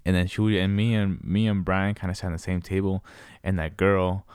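A man's voice: deep voice, normal speed, clear, resonant tone, no room sound, clean studio sound. A young man telling school stories in casual, slangy chat, acting out the people in them. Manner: slangy storytelling, animated impressions.

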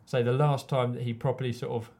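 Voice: mid-range voice, flat delivery, fast, darkish tone. A co-host chatting casually about films in loose, rambling sentences. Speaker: podcast co-host. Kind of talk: casual film chat.

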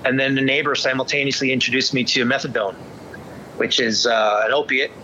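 A man recounts his own past as an interview guest, halting often and restarting his sentences. His voice is bright and forceful, pitched in the middle for a man. The sound is dull and lo-fi. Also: little pitch movement, slight background noise. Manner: halting, many restarts and fillers. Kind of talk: candid personal storytelling.

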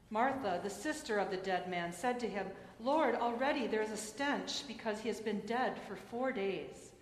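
A woman pastor and chaplain giving a gentle, earnest sermon after a gospel reading in a church. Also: on the high side, a little hiss or hum. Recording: echoey church hall.

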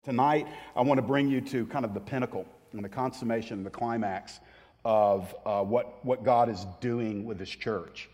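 A male pastor delivering a sermon in a church, rising to loud, emphatic proclamation when he reads scripture. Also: mid-range voice, normal speed. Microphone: handheld or stage mic. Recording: long hall reverb.

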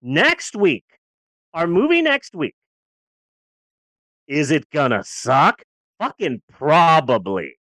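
A podcast co-host in casual movie-review chat who is sarcastic and profane, swinging from loud outbursts to low grumbles. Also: big pitch swings, takes it slowly, long pauses, dry recording.

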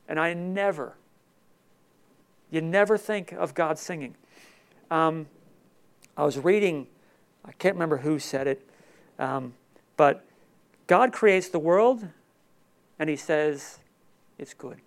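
A male pastor with a high, gravelly voice delivers an emotional sermon. He swings from loud, emphatic declarations to hushed, tender lines, close to tears. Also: unhurried, long pauses. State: tearful.

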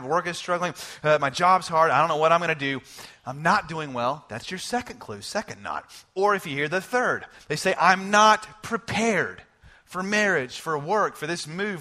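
A man preaching to his church in a high, lively voice that leaps around in pitch. His tone is bright, and he jokes with the congregation, slipping into short acted voices when he quotes people. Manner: animated, joking, acts out quoted voices. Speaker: pastor. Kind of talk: sermon. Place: church service.

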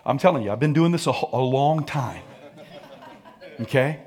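A man pastor preaching a sermon in a lively, colloquial way and calling on the congregation to answer back. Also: mid-range voice, normal speed. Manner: energetic, colloquial, calls for audience response.

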